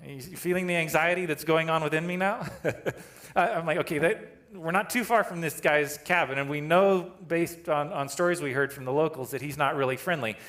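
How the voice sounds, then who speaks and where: A man's voice: on the high side, a little fast, fairly bright tone. A male pastor preaching a sermon, telling a story with self-deprecating humor and laughing at himself. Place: church sanctuary.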